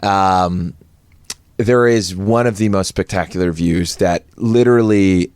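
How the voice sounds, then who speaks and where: A man's voice: low-pitched, a little slow, a little mellow, clean tone, no room sound, studio quality. A man in a conversational interview, thoughtfully summing up what the storyteller has said. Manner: thoughtful, restates the point for listeners.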